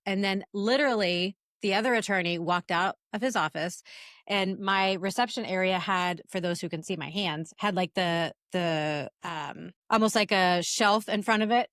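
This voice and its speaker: A woman in her forties co-hosting a casual business podcast, chatty and animated as she tells stories. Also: medium pitch, a little fast, no room sound, studio quality. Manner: storytelling, chatty, animated retellings. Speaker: podcast co-host.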